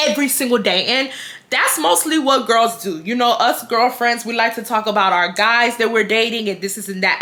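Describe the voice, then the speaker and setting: Blunt, animated young woman. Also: a little high. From Houston, Texas. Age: 20s. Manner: blunt, animated and profane, acting out dialogue. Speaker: vlogger. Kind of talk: casual storytime monologue.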